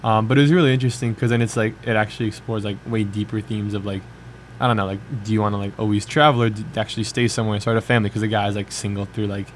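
A man's voice: lowish voice, steady tone, very fast, a little hiss or hum. A young man co-hosting a college radio show, chatting casually and rambling with lots of filler words. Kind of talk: casual chat.

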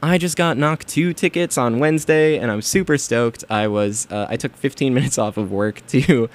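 A young man hosting a college-style radio show, chatting casually and rambling about music with lots of fillers and quick laughs. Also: medium pitch.

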